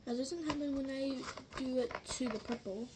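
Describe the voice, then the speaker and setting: High-voiced young girl chatting about slime. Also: moderate pace, background noise. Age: child. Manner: chatty, easily amused, exaggerated reactions. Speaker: slime vlogger. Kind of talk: casual vlog chat.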